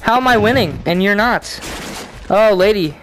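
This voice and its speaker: Rowdy young adult gamer, swinging pitch. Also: expressive, moderate pace, music in the background. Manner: rowdy, swearing, talking to game characters; bursts into shouts and loud laughter. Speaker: gaming video host. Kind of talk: casual VR gameplay commentary.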